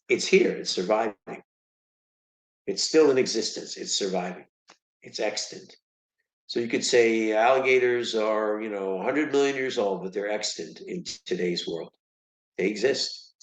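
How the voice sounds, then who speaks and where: Low-voiced man tutoring vocabulary, echoey room. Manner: patient, explains with examples, keeps checking with "okay?". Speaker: reading tutor. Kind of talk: one-on-one vocabulary lesson.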